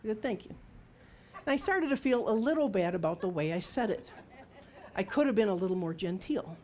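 A woman's voice: medium pitch, animated, brisk, darkish tone. A middle-aged woman preaching a sermon in a conversational, humorous storytelling way, acting out quotes as she goes.

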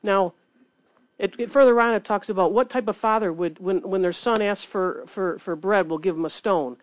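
A woman preaching a sermon in an earnest, animated way, reading scripture between her points. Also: medium pitch, normal speed, dry recording.

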